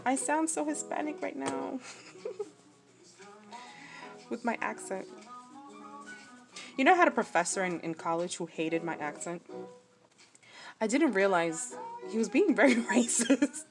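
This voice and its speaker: A woman's voice: a little high, lively intonation, unhurried, gravelly, long pauses. A woman in her forties from New Jersey, chatting casually and self-mockingly while she sews, rambling off on side stories. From New Jersey, USA. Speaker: crafting vlogger. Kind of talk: casual chat while sewing. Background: background music.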